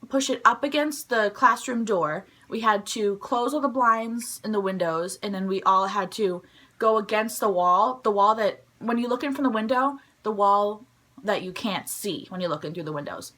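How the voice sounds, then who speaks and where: A young woman telling a story from her school days in a chatty vlog style, full of "like" and quick asides. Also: medium pitch. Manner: chatty, animated, heavy use of "like". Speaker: vlogger. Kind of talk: casual storytime.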